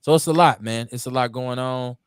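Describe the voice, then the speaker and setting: A man hosting a community radio talk show, preaching with heat, swinging between loud outbursts and low muttering, and swearing freely. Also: fairly quick, clear, resonant tone, no echo, clean studio sound. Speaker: host. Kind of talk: impassioned call-in radio talk.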